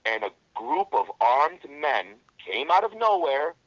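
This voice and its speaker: A man's voice: a little high, sing-song, a little slow, fairly bright tone, no room sound, muffled recording. A man guest in an interview, telling a war story in blunt, profane language and often restarting his sentences. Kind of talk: casual storytelling.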